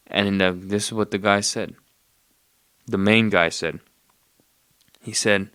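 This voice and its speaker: A man's voice: on the low side, steady tone, unhurried, pauses often, a bit bright, clear, resonant tone, no echo, clean studio sound. A man casually retelling a movie plot in a rambling, profane way, with streetwise slang. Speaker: podcast host.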